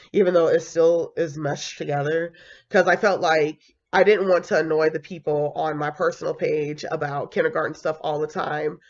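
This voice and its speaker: A woman's voice: low-pitched, highs cut off. A young woman, a kindergarten teacher, chatting animatedly about her career with lots of fillers and laughs. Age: young adult. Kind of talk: casual storytelling vlog.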